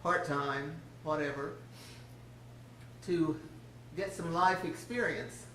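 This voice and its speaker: A woman's voice: deep voice, slow pace, a bit bright, a little hiss or hum. An older woman quoting a firm, protective father who reassures his daughter. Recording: roomy, distant church sound.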